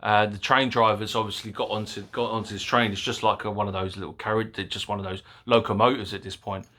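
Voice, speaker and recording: A man giving a casual, excitable movie review, rambling with fillers and the odd swear word. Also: fairly low pitch, fast talker. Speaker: film reviewer.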